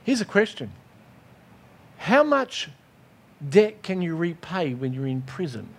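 A man preaching a sermon, acting out his own prayers and God's replies in lively dialogue. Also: a little high, slow. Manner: animated, acts out dialogues with God.

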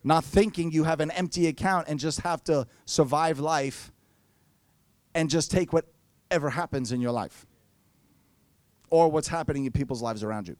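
A man's voice: fairly high pitch, normal speed, long pauses, a little mellow, no echo. A man preaching a sermon, telling playful stories and acting out quotes. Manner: playful storytelling with acted-out quotes.

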